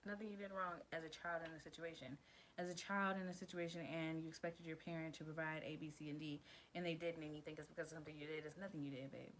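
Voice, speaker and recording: A woman's voice: low voice, steady tone, fast, a bit bright, a little hiss or hum, rough recording. A woman vlogger talking casually to camera, giving advice in a chatty, emphatic way and calling the viewer girl and babe. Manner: glances down at written notes.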